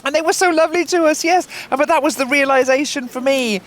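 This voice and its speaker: Lively, high-voiced woman telling a story. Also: quick pace, a little hiss or hum. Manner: animated, acts out other people's lines. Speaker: founder of a swimming group, interviewee. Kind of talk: casual storytelling. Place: outdoors on a beach by a fire. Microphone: handheld microphone.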